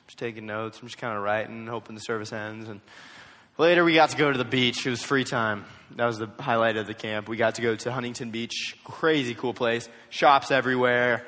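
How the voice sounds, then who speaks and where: A young man giving a storytelling youth sermon, jokey and animated, acting out what others said in quick put-on voices. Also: mid-range voice. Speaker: youth speaker. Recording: long hall reverb.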